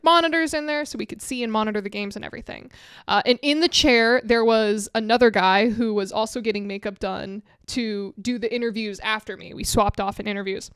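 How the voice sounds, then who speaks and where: A woman with a high voice co-hosts a podcast in casual chat, recorded dry and close on a studio mic. She tells stories expressively, swears freely and breaks into laughs mid-sentence. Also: a bit bright, smooth, no echo. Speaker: podcast co-host. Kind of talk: casual chat, animated storytelling.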